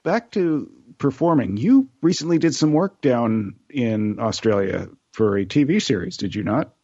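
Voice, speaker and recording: A plain-spoken co-host prompts the guest in a husky voice. The sound is dull and muffled, like a low-grade line. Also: lively intonation, normal speed, dark tone. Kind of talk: casual interview chat.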